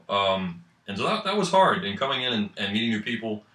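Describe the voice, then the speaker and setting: A man's voice: fairly low pitch, brisk. A young man from New Hampshire with a New England accent, a student guest rambling through stories in casual radio chat. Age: young adult. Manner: rambling, animated storyteller with filler likes. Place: college radio studio. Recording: roomy, distant mic.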